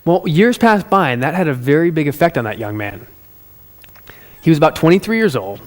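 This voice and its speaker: A man delivers a motivational talk as a lively, conversational story, speaking straight to his listeners. His voice sits a little higher than most men's. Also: fairly quick. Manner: animated, conversational, addresses listeners directly.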